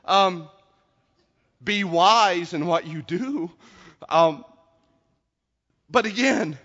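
Impassioned preacher in a ringing hall. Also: male voice, sits high, drawn-out words. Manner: dramatic, swinging from hushed storytelling to shouted climaxes. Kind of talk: sermon. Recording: lo-fi recording with long hall reverb.

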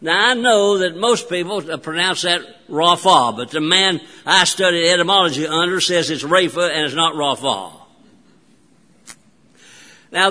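Pastor preaching, high bright voice, long pauses, church echo. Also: male voice. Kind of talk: sermon. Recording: long church hall reverb.

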